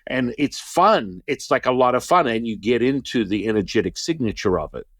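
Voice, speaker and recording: A middle-aged man telling a story in casual conversation, animated, acting out the voices of the people he quotes. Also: medium pitch, moderate pace, no room sound, studio quality. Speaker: Taoist teacher, interview guest.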